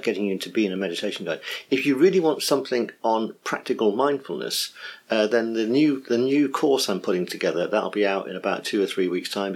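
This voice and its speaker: A middle-aged man, teaching a workshop on guiding meditation in an enthusiastic, chatty way. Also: on the low side. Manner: enthusiastic, chatty, full of praise.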